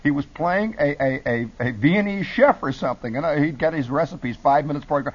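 A middle-aged man telling animated stories about his radio days as a talk show guest. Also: medium pitch, a little fast, hardly any pauses, slightly rough. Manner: lively, jumps between put-on radio voices. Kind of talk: animated storytelling. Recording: dull lo-fi broadcast audio.

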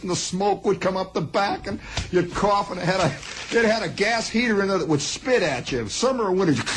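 A man telling a long personal story in a spoken monologue, rambling and animated, acting out sounds. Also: high-pitched, a little hiss or hum, rough recording.

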